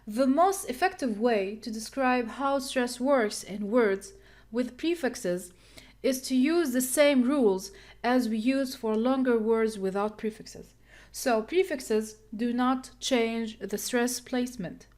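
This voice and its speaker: Woman, English teacher, slow pace, fairly high voice, careful, thinks aloud. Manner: deliberate, thinks aloud, unsure at times. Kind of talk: slow classroom-style lesson, counting syllables.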